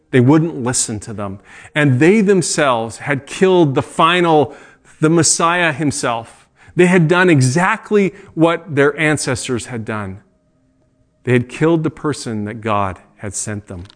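Conversational male pastor preaching. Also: on the high side. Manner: earnest, conversational preaching with asides and self-corrections. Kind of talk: sermon.

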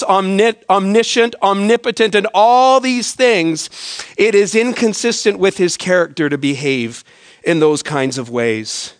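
A middle-aged male pastor preaching a sermon, animated and conversational, dropping to a soft, low tone when telling personal stories. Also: dry recording, studio quality.

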